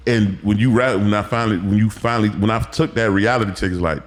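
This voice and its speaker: A man, a former football player telling animated, profane stories as a podcast guest. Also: on the low side, fast. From Miami, Florida. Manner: animated storytelling, acts out quotes, profane. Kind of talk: casual podcast interview.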